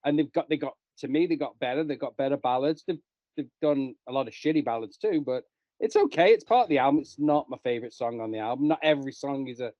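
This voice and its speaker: A man's voice: mid-range voice, fast, dry recording, dull audio. A man from England co-hosting a music podcast, defending his opinions with laughs and restarts. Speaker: podcast co-host. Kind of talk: casual chat.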